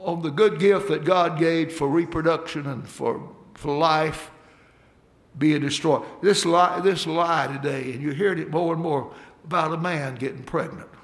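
A man's voice: a little high, fairly even intonation, unhurried. A man preaching a sermon, folksy and emphatic, calling out for amens from the congregation.

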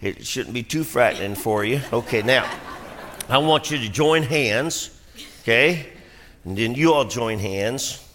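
A man preaching a folksy, animated sermon in a church, calling a family up front to demonstrate his point. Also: mid-range voice, measured pace, in a large hall, a little hiss or hum. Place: church sanctuary.

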